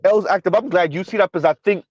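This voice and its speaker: A man's voice: sits high, racing, husky, no room sound, lo-fi sound. A man from the United States, hosting a livestream commentary and reading out chat, emphatic and asking "right?" again and again. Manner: emphatic, repeats "right?" often. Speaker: commentary channel host.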